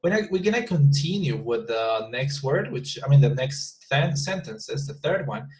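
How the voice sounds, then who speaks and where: A man runs an online English class in a mid-pitched voice. He is patient and repeats each example sentence slowly, moving the stress from word to word. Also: lively intonation, a little mellow, low-quality recording. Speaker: English teacher.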